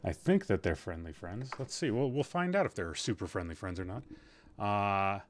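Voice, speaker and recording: A man's voice: lowish voice, expressive, moderate pace. A man hosting a casual gaming stream, rambling and joking in a self-deprecating way, swearing now and then, tired and a bit loopy. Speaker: podcast host. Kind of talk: casual gaming livestream chat.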